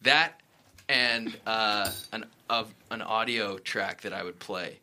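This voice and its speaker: A man's voice: fairly low pitch, steady tone, slow pace, bright, forceful tone, slight background noise. A man, an actor guest, telling stories in a rambling, self-correcting way on a casual talk show. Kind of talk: casual interview chat.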